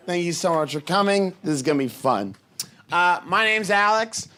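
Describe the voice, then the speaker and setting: A stand-up comedian from Boston telling an animated story on a live stage, swinging from hushed asides to outbursts. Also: male voice, sits high, moderate pace, some chatter behind. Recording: live set with ambient noise.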